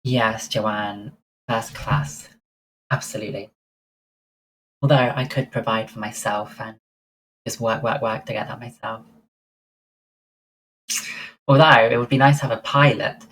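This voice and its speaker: A woman's voice: a bass voice, fairly even intonation, measured pace, pauses often, slight background noise, rough recording. A woman livestreaming, chatting casually and answering her viewers' messages one by one. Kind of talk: casual chat with live viewers.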